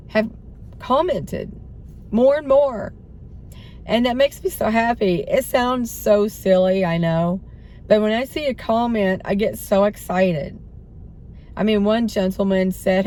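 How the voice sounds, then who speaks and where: Woman, middle-aged, hoarse, rambling vlog chat, mid-pitched, faint background noise. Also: slow pace, dark tone. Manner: rambling, self-doubting, laughs between thoughts. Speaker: vlogger.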